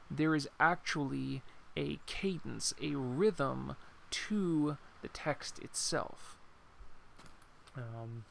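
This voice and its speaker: A man teaching a poem in an informal, unscripted lesson, pausing to think and reading verse lines slowly. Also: mid-range voice, gravelly, fairly bright tone, a little hiss or hum. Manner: unscripted, thinks aloud with pauses and apologies. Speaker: poetry teacher.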